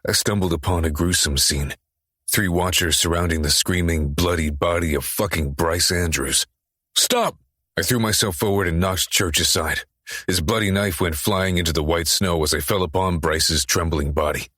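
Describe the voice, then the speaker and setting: A man's voice: sits low, fairly even intonation, moderate pace, pushed and bright, no echo, clean studio sound. A man narrating an audiobook in the first person, with an intense, urgent, profane delivery.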